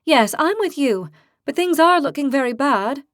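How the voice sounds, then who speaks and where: A woman narrator voicing a sharp-tongued young female rider with a blunt, quick-tempered manner. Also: high-pitched, animated, no room sound, studio quality, pitched above the performer's own voice. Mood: worried.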